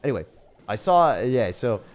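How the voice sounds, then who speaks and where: Speaking at a moderate pace in a sing-song, medium-pitched voice, a young man chats casually with viewers while streaming a mobile game. He's relaxed, throws around "dude" and "bro," and laughs frequently.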